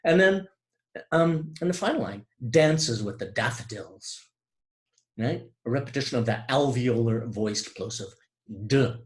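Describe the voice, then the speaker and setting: A man giving an online lecture on poetry, explaining with hesitant fillers and restarts and slowing down to stress key terms. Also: mid-range voice.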